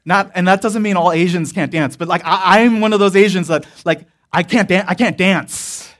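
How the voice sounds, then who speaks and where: A man's voice: high voice, normal speed, fairly bright tone. A man preaching a sermon in a casual, rambling storytelling way, full of fillers and breaking into laughter. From Korean church background. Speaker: pastor.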